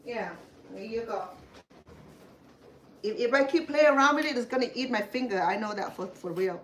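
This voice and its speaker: In her home kitchen, a woman from Cambodia demonstrates cooking casually, talking in rambling asides with lots of fillers and restarts. She speaks at normal speed in a fairly high voice. A little hiss or hum sits under the clear clatter of dishes and pans.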